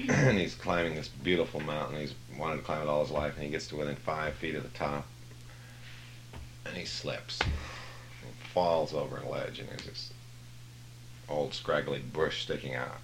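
Very deep-voiced man leading a Bible study. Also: slight background noise, poor audio. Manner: storytelling, animated jokes. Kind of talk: casual Bible study talk.

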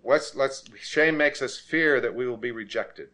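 A man preaching a sermon and directing a congregation through scripture, growing forceful and repetitive when he presses a point. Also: medium pitch, unhurried, few pauses. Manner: emphatic, rises to forceful repetition.

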